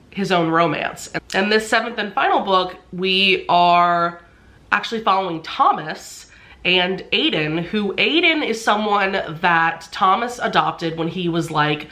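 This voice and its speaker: A woman's voice: mid-range voice, bright, forceful tone. A congested woman chatting casually in a book vlog, full of fillers. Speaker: book vlogger.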